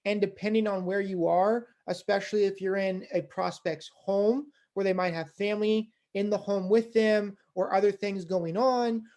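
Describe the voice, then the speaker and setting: A fundraising instructor giving a conversational lecture, with many casual fillers, who gets louder and quicker when excited. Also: medium pitch.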